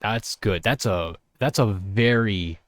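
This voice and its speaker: A man's voice: lowish voice, takes it slowly, no echo, clean studio sound. A man giving casual commentary while playing a video game, rambling with lots of fillers and sounding out of breath. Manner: rambling, excitable, many fillers. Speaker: gaming video creator.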